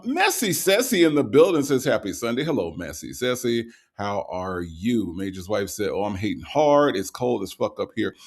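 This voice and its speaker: A low, gravelly male voice hosts a casual livestream, greeting viewers one by one with easygoing repeated hellos. He sounds a little tired and sprinkles his talk with ums and uhs. There is a rough, creaky edge to his speech. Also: a bit bright. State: tired, recovering from the night before. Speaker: livestream host reading viewer chat.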